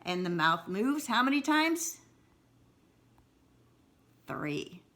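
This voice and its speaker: A woman teaching a video lesson on syllables, repeating words slowly and exaggerating them, with encouraging asides. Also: medium pitch, lively intonation, bright, forceful tone. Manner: slow, exaggerated word repetition, encouraging. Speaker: writing teacher.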